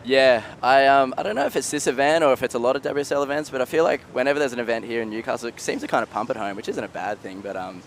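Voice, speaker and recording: A tired Australian man, a surfer in a relaxed interview, laughing easily. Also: mid-range voice, racing, few pauses, a little hiss or hum. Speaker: competing surfer interviewed remotely. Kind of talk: casual interview.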